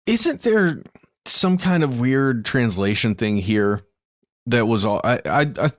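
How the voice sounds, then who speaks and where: A man's voice: medium pitch, animated, slow, dry recording, studio quality. A man co-hosting a podcast, asking hesitant questions and repeating words. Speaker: podcast co-host. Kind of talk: podcast conversation.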